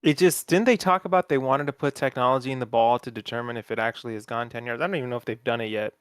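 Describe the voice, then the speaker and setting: A young man hosting a casual sports podcast, telling stories in an animated, profane way. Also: mid-range voice, racing, clean tone, no room sound. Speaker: podcast host.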